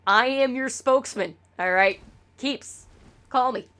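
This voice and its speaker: A woman's voice: on the high side, unhurried, fairly bright tone. A woman streamer talking casually to her chat, rambling and swearing with lots of stammered restarts.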